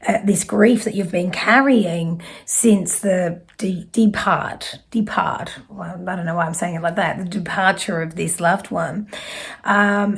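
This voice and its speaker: A woman from Australia giving spiritual messages as a psychic medium, speaking slowly and gently with soft trailing phrases and small self-corrections. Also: medium pitch, vocal fry. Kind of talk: spiritual message reading to camera.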